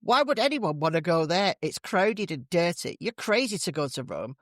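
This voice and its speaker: A man's voice: sits high, sing-song, normal speed, dry recording, studio quality. A man voicing a gloomy, dismissive female hairdresser in a told joke. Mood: scornful. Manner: dismissive, complaining.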